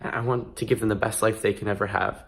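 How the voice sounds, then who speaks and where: A man's voice: on the low side, flat delivery, quick pace, gravelly. A man in his twenties talking earnestly in a casual vlog, emphatic and given to restarts. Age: 20s. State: emotional, close to tears. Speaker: vlogger.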